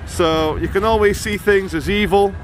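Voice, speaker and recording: A man filming himself as he walks city streets, talking in a sardonic, chatty way. His voice sits a little high for a man. Soft traffic hums behind him, caught by the camera's own mic. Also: fairly even intonation, moderate pace. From England. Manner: chatty, sardonic, mocking asides. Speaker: street vlogger. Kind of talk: walking vlog commentary. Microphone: handheld camera mic while walking.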